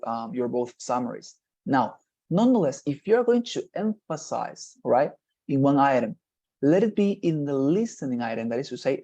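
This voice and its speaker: This medium-pitched, mellow male voice belongs to an exam-prep teacher working online by video call. He gives long explanations, checks on his students, and keeps coming back to "nonetheless" and "right?".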